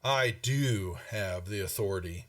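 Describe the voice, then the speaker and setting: Guy voicing a stern old knight, firm and slow, kinda off mic. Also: fairly low pitch, a bit bright, recorded from a distance. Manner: firm, commanding. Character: stern older male knight of an alliance.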